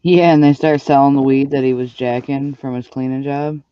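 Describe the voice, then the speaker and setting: A man chatting on a livestream panel, throwing in quick, teasing questions. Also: medium pitch, level tone, smooth, no room sound, lo-fi sound. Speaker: panel member. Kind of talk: casual chat on a livestream panel.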